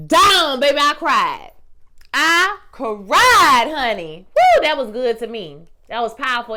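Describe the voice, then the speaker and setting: Animated woman with a bright, salty voice. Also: clear, resonant tone. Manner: animated, swings between loud exclaiming and low musing; salty slang, addresses viewers as y'all and baby. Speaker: vlogger reviewing a TV series. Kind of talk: casual chat.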